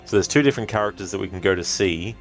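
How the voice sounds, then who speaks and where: A man casually commenting on a game he is streaming, relaxed and answering chat with many ums. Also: sits low, racing, soft background music. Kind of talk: casual let's-play commentary.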